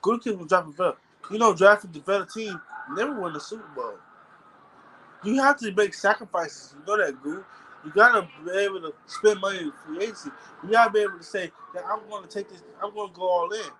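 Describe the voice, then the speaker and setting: A man's voice: sits high, quick pace, bright, forceful tone, slight background noise, poor audio. A man ranting angrily as a football fan on his own video channel, cursing and stammering over his words. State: angry. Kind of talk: heated fan rant vlog.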